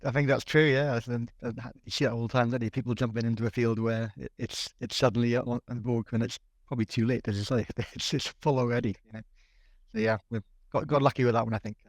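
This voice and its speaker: A man's voice: medium pitch, steady tone, fast, no room sound. A man in his forties with a Welsh accent, answering interview questions as a guest, often repeating words as he talks. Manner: hesitant, repeats words, laughs lightly. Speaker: guest, technology executive. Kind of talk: casual interview.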